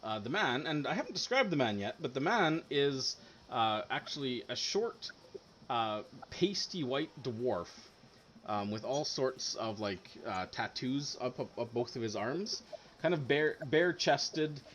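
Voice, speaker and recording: Male game master, rambling, hesitant, animated pitch, faint background noise. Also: measured pace. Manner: rambling, full of ums and likes. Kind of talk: narrating a tabletop game.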